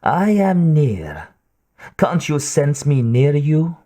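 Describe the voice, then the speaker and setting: A man's voice: on the high side, sing-song, dark tone. A man putting on a purring, menacing female sniper. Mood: taunting. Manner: slow, purring, taunting.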